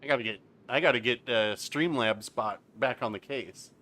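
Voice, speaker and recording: A man commentates his own live gameplay in a loose, chatty way. His voice sounds bright and forward, and his pitch sits in a mid range. He breaks off often to read out chat messages and reply to them. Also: normal speed. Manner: chatty, reads out chat, explains game mechanics. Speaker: game streamer. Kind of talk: casual live-stream commentary.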